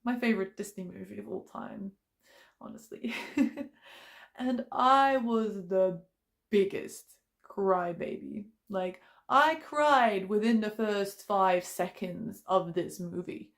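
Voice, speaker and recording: A young woman talks straight to her viewers in a loose, chatty way. She uses lots of fillers and speaks openly about her feelings. Her pitch sits in the middle range for a woman. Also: slow pace, creaky. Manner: chatty, filler-heavy, emotional and open. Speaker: vlogger. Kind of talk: casual personal talk to camera.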